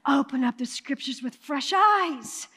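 A woman pastor preaching a sermon, calling out to the congregation, swinging from hushed asides to loud emphatic bursts. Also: sits high, lively intonation, measured pace, a little hiss or hum. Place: church sanctuary. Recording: long hall reverb of a church sanctuary.

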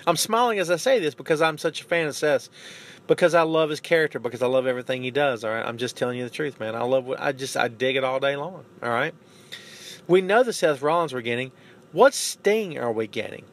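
A man hosting a podcast, giving casual, opinionated wrestling commentary in an animated way, often tagging sentences with "man" and "you know what I'm saying.". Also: mid-range voice, fairly quick. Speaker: podcast host.

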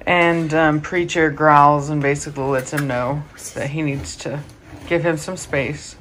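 Brief tired woman dog breeder, lowish voice, casual chatty vlog with fillers, faint noise. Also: fairly even intonation, a little slow, fairly bright tone. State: tired, early morning. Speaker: dog breeder and channel host.

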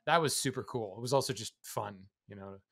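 Relaxed man explaining woodworking on a podcast. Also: fairly low pitch, fairly quick, gravelly. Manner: relaxed, explanatory, laughs easily. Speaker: podcast co-host and woodworking teacher. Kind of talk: casual podcast chat.

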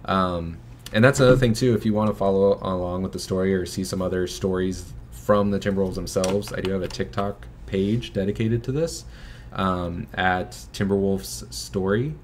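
A young man with a deep voice talks at normal speed, slight background noise in the mix. As a filmmaker guest and son of the host on a fundraising livestream, he keeps the chat casual and loose, leaning on fillers and chuckling often.

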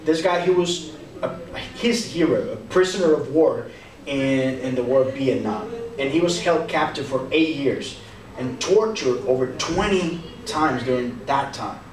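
A young man with a Texan accent giving an animated, conversational youth sermon and acting out quotes. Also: medium pitch, measured pace, recorded from a distance. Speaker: youth pastor. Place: church hall. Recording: echoey hall, speaker off-mic. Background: audience answering now and then.

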